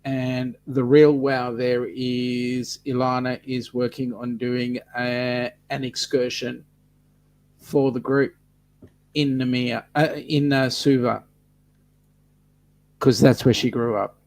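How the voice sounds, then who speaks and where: A man's voice: medium pitch, flat delivery, takes it slowly, darkish tone. A man joining a live chat as a guest, describing travel plans in an easygoing way with fillers. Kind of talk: casual chat.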